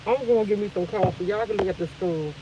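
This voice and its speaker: A woman's voice: medium pitch, fast talker, dull audio, background noise. A tired woman host on a casual live stream, venting with emphatic repetition and swearing.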